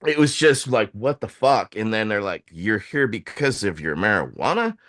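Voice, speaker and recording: Animated man telling a story. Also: on the low side, normal speed. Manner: animated, swearing, acts out quoted voices. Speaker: host. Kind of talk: casual storytelling.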